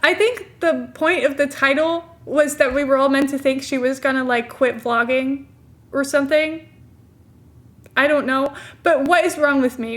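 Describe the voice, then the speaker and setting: A woman's voice: high voice, moderate pace, a bit bright. A young woman streamer chatting casually, giggling often and poking fun at herself. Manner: giggly, self-mocking, chatty. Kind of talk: casual live-stream commentary.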